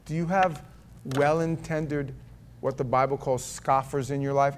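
A man leading a Bible study as pastor, reading scripture aloud and commenting in a folksy, conversational way, moving between quiet asides and loud emphatic passages. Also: mid-range voice, steady tone, a little slow. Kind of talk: conversational sermon.

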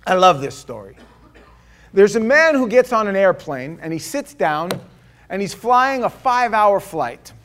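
Animated man preaching a sermon. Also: sits high, measured pace. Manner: animated, conversational storytelling. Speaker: pastor.

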